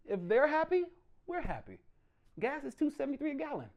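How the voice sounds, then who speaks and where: A man doing a loud, animated stand-up comedy set in a small room, often slipping into mock voices. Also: high voice, quick pace.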